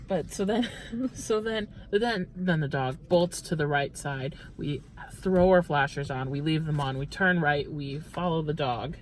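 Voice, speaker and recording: A man's voice: a little high, measured pace, slight background noise. Rambling young man telling a story. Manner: rambling, breathless storytelling with many restarts. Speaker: vlog co-host. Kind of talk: casual chat while driving. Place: inside a parked car at night.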